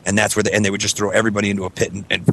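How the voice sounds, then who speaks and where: A man's voice: fairly low pitch, level tone, rapid-fire, gravelly, a bit bright, a little hiss or hum. A man in his thirties telling a story on a casual podcast, rambling and swearing, acting out voices from the story. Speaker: podcast co-host.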